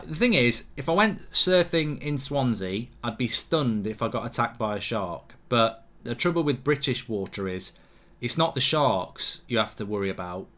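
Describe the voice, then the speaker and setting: A man hosting a live football watchalong, bluntly reacting to the match and reading viewer comments aloud, his voice jumping up when play excites him. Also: on the low side. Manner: blunt, swears casually, rants at the referee. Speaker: host.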